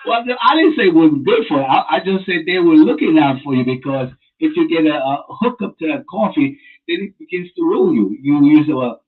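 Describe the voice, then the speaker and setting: A man who is a minister, co-hosting a radio chat, agreeable and gently preachy. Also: on the high side, expressive, brisk. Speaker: co-host, minister. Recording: phone-like narrow sound.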